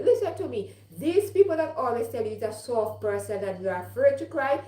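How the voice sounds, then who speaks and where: A woman's voice: on the high side, animated, a little fast, hardly any pauses, dark tone. A middle-aged woman giving earnest, repetitive life advice in a live-streamed motivational talk, with frequent fillers. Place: home in London. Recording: echoey room.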